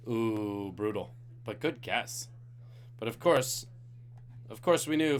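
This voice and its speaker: A man's voice: fairly low pitch, unhurried. A man from Singapore hosting a live-streamed trivia night, reading questions with jokey, playful asides to the chat. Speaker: trivia host.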